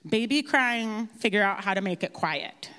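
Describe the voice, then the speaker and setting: A woman's voice: mid-range voice, expressive, moderate pace, a bit bright, smooth. A woman giving a slide talk, candid and chatty with a self-deprecating humor. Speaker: speaker at a grief workshop. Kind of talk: presentation with slides. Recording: hall reverb.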